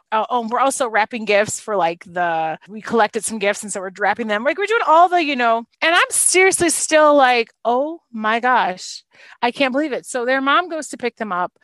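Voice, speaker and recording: A young adult woman, a former youth minister, telling stories in casual chat, animated and laughing often as she acts out quotes. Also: a little high, normal speed, no echo.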